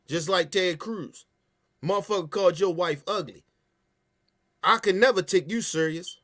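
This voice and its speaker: Profane ranting man, higher-pitched voice. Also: normal speed. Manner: profane, animated, emphatic ranting. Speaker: podcast host. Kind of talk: heated casual commentary.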